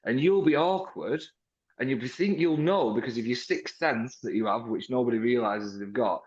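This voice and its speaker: A British man in the car trade, talking casually in an interview, animated and full of restarts, often acting out conversations with customers. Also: medium pitch, normal speed. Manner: animated, acts out sales-floor dialogues, frequent restarts. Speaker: car sales manager, interview guest. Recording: roomy, slightly dull sound.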